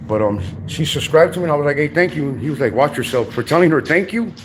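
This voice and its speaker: A man's voice: on the high side, lively intonation, quick pace, background noise. A young man hosting his own livestream, talking in brash, profane, rambling street slang. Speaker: livestream host. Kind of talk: casual livestream banter.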